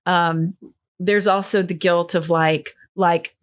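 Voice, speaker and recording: A woman hosts a podcast in a fairly low voice. She talks thoughtfully and with gentle empathy, keeping a relaxed conversational tone. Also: takes it slowly. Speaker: podcast host. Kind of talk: reflective casual conversation.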